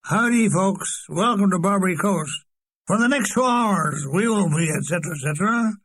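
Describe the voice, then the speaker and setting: A man's voice: high-pitched, expressive, normal speed, fairly bright tone, rough recording. A man voicing a brash stage MC who puts on a dreadful fake American drawl. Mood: showman. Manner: hammy showman patter.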